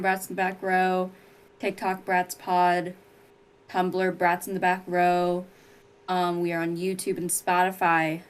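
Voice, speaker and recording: A woman podcast co-host closing out the episode, listing the show's handles in a playful, ironic tone. Her voice sits a little low for a woman. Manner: playful, ironic sign-off reading out social handles. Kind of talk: casual chat, show outro.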